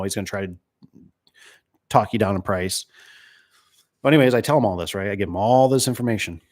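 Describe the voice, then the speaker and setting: A man's voice: on the low side, a little mellow, no echo. A man who owns a door and gate business, talking casually and rambling, with lots of fillers and "right?" tags, often retelling conversations in quoted dialogue. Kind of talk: casual chat.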